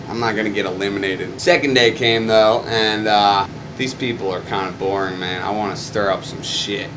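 A young man talks to the camera in a hotel room, swearing freely and telling a rambling story at an ordinary pitch. A faint air-conditioning hum sits behind him. He sounds worn out from the night before, and he swings loud and excited when he acts out the fights. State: rough, morning after a wild night. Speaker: stuntman.

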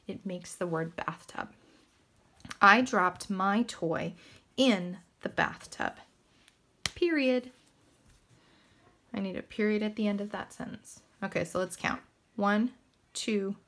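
Slow, patient woman teaching young children. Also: mid-range voice, a bit bright. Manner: patient, encouraging, spells words out letter by letter. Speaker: first grade teacher. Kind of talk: recorded classroom lesson for children.

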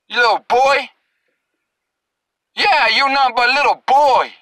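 A man's voice: very high voice, a little slow, long pauses, bright, forceful tone, dry recording, low-quality recording. A male preacher delivering an angry, confrontational sermon, scolding and cursing at his listeners and drawing out scripture verses for emphasis.

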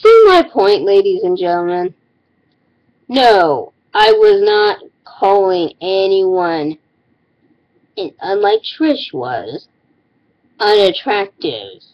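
A woman's voice: medium pitch, drawn-out words, pauses often, darkish tone, low-quality recording. A woman vlogger with a put-on Irish accent, ranting theatrically to camera in a comic persona. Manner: theatrical, sing-song Irish-persona delivery.

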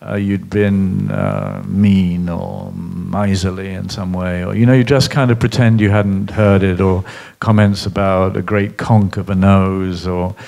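A middle-aged man speaks in a low, gravelly voice. He is a guest in an on-stage interview and tells his stories in a reflective, halting way, with many fillers and restarts. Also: darkish tone. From Britain. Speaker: guest, columnist and author. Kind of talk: live interview at a public event.

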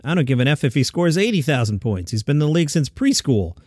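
A man hosting a daily comedy news podcast, reading listings and adding quick casual asides. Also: a little high, sing-song, darkish tone, slightly rough, no echo, studio quality. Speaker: podcast host.

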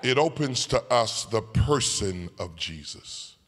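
A man preaching a sermon as a bishop, swinging from soft asides to shouted, sing-song whooping lines and calling out to the congregation. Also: medium pitch, expressive, slow. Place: church sanctuary. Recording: long church hall reverb.

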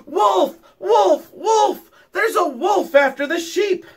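A man voicing a bored young shepherd boy in a storybook reading, whining slowly and yelling in alarm. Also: sits high, huge pitch swings, exaggerated voice. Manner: drawn-out whining, shouted alarms.

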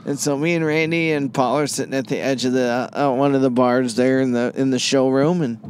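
A man's voice: mid-range voice, steady tone, fairly quick, a little hiss or hum. A man from Michigan, a comedian, telling a rambling story on a podcast with many fillers. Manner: rambling, lots of fillers and laughs.

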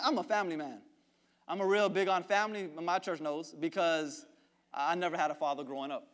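Male pastor, high voice, sermon in a church, soft-to-loud swings, repeats for emphasis. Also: steady tone, fairly quick. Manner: swings from hushed whispers to shouted outbursts. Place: church sanctuary.

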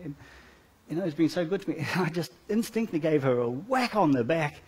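Husky man telling an earnest church testimony. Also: fairly high pitch, expressive, fast talker. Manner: earnest, rambling storytelling with many fillers. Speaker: church member giving a testimony. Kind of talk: personal testimony and prayer at a church service.

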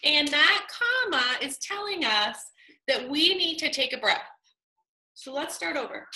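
A woman teacher reading a story aloud to young children, slowing down and pausing to show how punctuation works. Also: sits high, sing-song, sharp tone, reverberant, low-quality recording. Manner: slow, deliberate reading aloud with exaggerated pauses.

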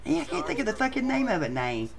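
A man's voice: very high-pitched, huge pitch swings, fast talker, vocal fry, crowd noise, heavily acted. A man voicing a foul-mouthed, rambling bald bachelor contestant in a comedic voice performance. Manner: swears constantly, rambling. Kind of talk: comedic voice acting.

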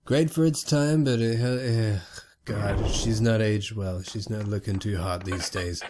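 A man's voice: medium pitch, animated, moderate pace, a little mellow, soft background music. A man hosting a retro gaming channel, talking casually with joking, self-mocking asides. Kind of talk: casual game commentary.

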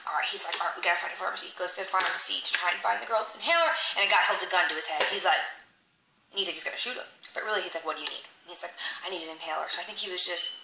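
A young woman, chatting to camera as she retells a movie and acts out the lines in quick little voices. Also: fairly low pitch, gravelly. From Philadelphia. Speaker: vlogger reviewing a movie. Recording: echoey room, faint noise.

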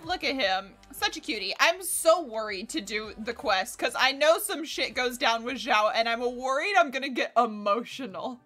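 A woman streamer with a bright, somewhat high voice chats casually while she plays. She rambles, swears freely and talks to herself and to the game. Soft game music plays quietly behind her. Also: expressive, normal speed, hardly any pauses. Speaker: livestreamer. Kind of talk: casual game livestream chat.

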